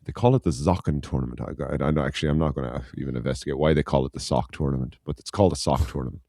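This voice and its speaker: Middle-aged Irish co-host, very low and mellow, rambling and halting, dry close mic. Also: male voice, creaky, no room sound. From Ireland. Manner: rambling, halting, lots of fillers and restarts. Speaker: podcast co-host. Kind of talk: casual podcast chat. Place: living in Germany.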